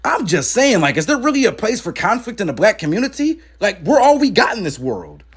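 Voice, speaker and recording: A man's voice: high voice, wildly swooping pitch, fairly quick, breathy edge, voice pushed up, exaggerated voice. A man doing a dazed, evasive rapper. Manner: mumbling, defensive, sheepish. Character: laid-back male rapper, dazed and evasive. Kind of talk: comedy sketch impression.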